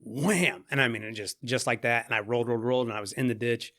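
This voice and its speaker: A man's voice: mid-range voice, level tone, very fast, a bit bright, no room sound, clean studio sound. A man guest on a podcast, telling a story in a rambling casual way, full of fillers and swearing. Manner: rambling, profanity-laced, full of "like" and "you know".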